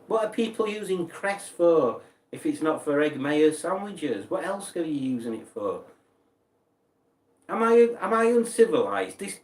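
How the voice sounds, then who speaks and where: A man's voice: fairly high pitch, recorded from a distance. A man, chatting casually on a stream as he reads out viewers' messages and rambles along with mock outrage. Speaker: streamer reading chat. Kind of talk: casual livestream chat. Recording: echoey room, voice from off mic.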